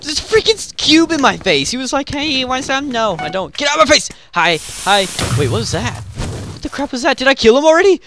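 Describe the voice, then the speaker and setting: A man giving excitable gameplay commentary, yelping and trash-talking the other players. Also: very high voice, brisk, a little hiss or hum. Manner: excitable, yelps and trash-talks opponents. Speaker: gaming channel host.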